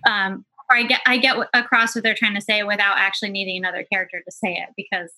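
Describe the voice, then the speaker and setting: Bright-voiced chatty woman. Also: medium pitch, flat delivery, fast, poor audio. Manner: chatty, many fillers, light laughs. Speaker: actor and casting helper. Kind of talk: casual chat.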